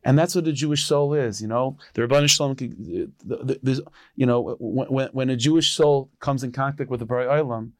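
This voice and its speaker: A man, a rabbi, telling a folk tale in a relaxed, conversational way, often restarting and repeating words. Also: medium pitch, a little fast, no echo. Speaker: storyteller rabbi. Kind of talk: storytelling.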